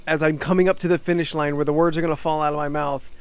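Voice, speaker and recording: A man's voice: fairly high pitch, little pitch movement, clean tone. Rambling Jersey-accented man on a podcast. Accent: New Jersey. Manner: rambling, halting with many fillers and restarts. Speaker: podcast co-host. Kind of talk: casual chat.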